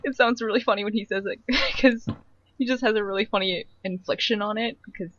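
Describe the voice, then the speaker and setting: A young woman co-hosting a casual podcast chat, talking fast with lots of "like" and frequent laughs. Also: medium pitch, a bit bright, no echo, lo-fi sound. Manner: chatty, laughs often, lots of "like". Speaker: podcast co-host.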